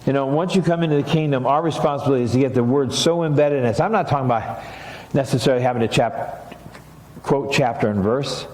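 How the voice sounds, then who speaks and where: A man's voice: mid-range voice, fast talker, darkish tone, reverberant. A middle-aged man, a pastor, preaching a sermon in a church sanctuary, talking casually and then rising into emphatic passages.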